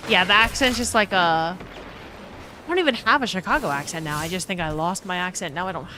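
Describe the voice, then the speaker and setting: A woman's voice: on the low side, fairly quick, bright, forceful tone, a little hiss or hum. A woman from New Orleans streaming a game, chatting casually with viewers, reading chat aloud and swearing freely into a desk mic. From New Orleans, USA.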